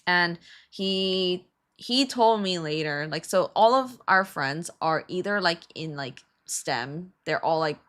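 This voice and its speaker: A woman's voice: fairly low pitch, takes it slowly. A woman streamer co-hosting with her husband, telling a story in casual chat, laughing and swearing freely. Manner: animated, laughing, swears freely, many fillers.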